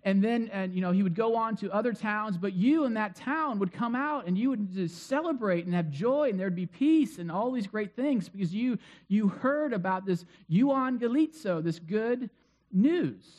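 A middle-aged man delivers a sermon in a casual, talkative manner, his voice sitting notably high. He keeps things light with quick asides and plenty of fillers. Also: lively intonation, a little mellow. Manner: conversational, self-deprecating asides, many fillers. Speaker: pastor.

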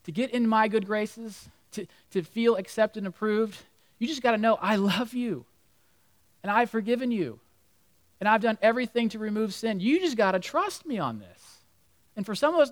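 A middle-aged male pastor preaching a sermon, animated, acting out voices and dropping to near-whispers for emphasis. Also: sits high, normal speed, dry recording. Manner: animated, acts out voices of crowd and Jesus, drops to near-whisper.

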